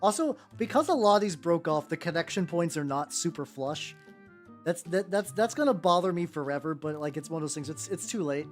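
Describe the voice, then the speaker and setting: Streamer, mid-pitched, rambly live-stream chatter over faint background music, loose and unscripted. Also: lively intonation, brisk. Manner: rambling, many fillers and self-restarts. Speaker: miniature painting streamer. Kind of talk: casual live-stream chat while painting.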